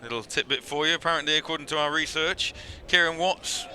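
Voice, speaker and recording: A British man giving play-by-play commentary on a football game, reading out stats and rising in pitch on the big plays. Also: brisk, sharp tone, a little hiss or hum. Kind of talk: live sports commentary.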